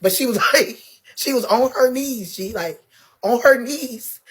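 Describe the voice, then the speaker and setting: A woman telling a story in a casual, animated way, laughing often and swearing freely. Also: on the high side, measured pace, breathy edge. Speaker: guest.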